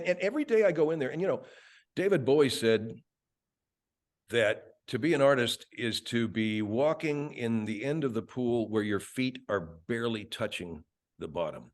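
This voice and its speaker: An older man, a radio host and voice actor, chatting as a guest with animated, profane, laughing storytelling. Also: fairly low pitch. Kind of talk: casual interview chat.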